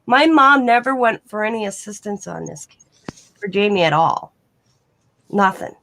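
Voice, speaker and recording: A woman's voice: medium pitch, lively intonation, moderate pace, creaky, fairly bright tone, slight background noise. A woman chatting casually on a live online show, rambling through long personal stories and acting out the back-and-forth dialogue in her own voice. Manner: rambling, acts out quoted dialogue in plain voice. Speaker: guest in a live online chat. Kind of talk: casual storytelling chat.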